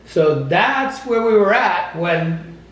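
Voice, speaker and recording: A man's voice: sits high, animated, slow, a bit bright. A man hosting a casual chat, prompting his guest's story and laughing along. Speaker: host. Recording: echoey room, distant mic.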